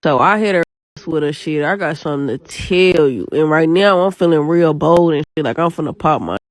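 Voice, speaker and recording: A young woman telling a personal story in casual, animated, slang-heavy talk. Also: sits low, fairly quick, no echo.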